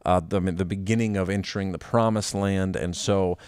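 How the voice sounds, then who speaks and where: A man co-hosting a casual Bible discussion podcast, reading scripture aloud and then explaining it haltingly with many pauses and restarts. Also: sits low, steady tone, a little mellow, clear, resonant tone, no room sound, studio quality. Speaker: podcast co-host.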